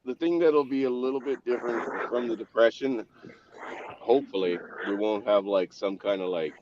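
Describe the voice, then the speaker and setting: A man's voice: mid-range voice, normal speed, background noise. Man, emphatic, profane, casual chat, dull recording.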